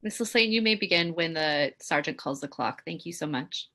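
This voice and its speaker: Lower-voiced woman making formal announcements. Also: animated, moderate pace, bright, forceful tone. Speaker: committee staff calling witnesses. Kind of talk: procedural announcements. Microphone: remote video call.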